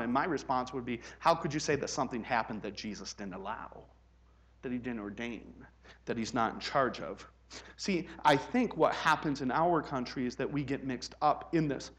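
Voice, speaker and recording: A man from the United States preaching a sermon in a conversational way, rising to loud, emphatic peaks. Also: mid-range voice, normal speed. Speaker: pastor.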